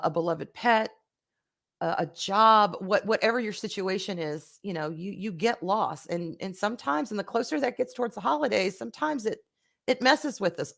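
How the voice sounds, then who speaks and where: A woman's voice: mid-range voice, gravelly, a bit bright. Candid, rambling woman livestream host. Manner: candid, rambling, swears freely, reads viewer comments aloud. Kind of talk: casual live-stream chat.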